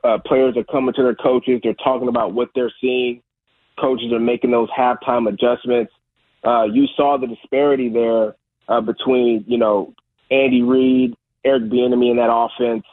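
A man phoning in to a sports radio show. His voice is husky and comes through a thin, tinny line that sounds dry. He talks emphatically and keeps checking in with "okay?". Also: mid-range voice, dry recording. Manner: emphatic, keeps tagging "all right?" and "okay?". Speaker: former football player, guest analyst. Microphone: phone call.

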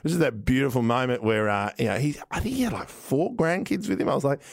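A man's voice: medium pitch, sing-song, quick pace, gravelly, dry recording, clean studio sound. A man in his thirties with an Australian accent, chatting casually as a podcast host and telling rambling stories full of fillers. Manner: rambling storyteller, many fillers. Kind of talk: casual chat.

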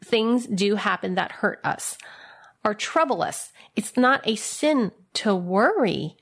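Woman preaching softly, gentle and reassuring, mid-pitched voice. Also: animated, slow pace, gravelly. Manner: gentle and reassuring, drops to soft tender tones. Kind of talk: devotional sermon.

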